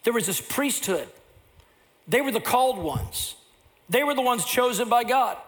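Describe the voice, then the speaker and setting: Older male preacher, high voice, animated storyteller, sermon delivery. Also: a little slow. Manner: animated storyteller who acts out scenes. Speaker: pastor.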